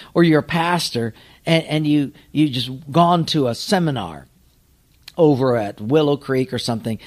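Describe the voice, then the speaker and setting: A man who is a pastor, telling an anecdote in an animated storytelling manner. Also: mid-range voice. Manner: animated, lively storyteller acting out voices.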